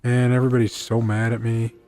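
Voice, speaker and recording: A man's voice: medium pitch, little pitch movement, fast, warm tone, faint music behind. A man casually commenting as he plays a video game, rambling and cracking self-deprecating quips. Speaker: gaming video host.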